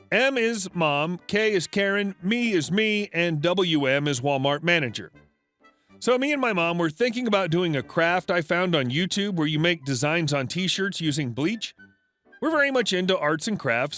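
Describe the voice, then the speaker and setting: A man narrates online stories in a scripted, storytelling way. His voice sits high and moves lively up and down. Soft music plays faintly behind him.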